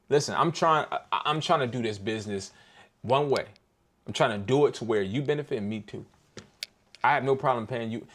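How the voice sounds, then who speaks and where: Animated young man teaching in slang. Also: brisk. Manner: animated, slangy, acts out phone calls in a lower voice, breaks into loud excited bursts. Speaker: host of a live business workshop. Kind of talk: casual livestream teaching.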